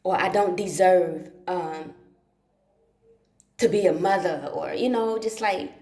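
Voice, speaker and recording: A woman's voice: lowish voice, takes it slowly, warm tone, roomy sound. A woman talking in a casual, rambling monologue at home, cursing often and repeating herself for emphasis. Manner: profane, repetitive, emphatic. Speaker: livestream host. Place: dark room at home.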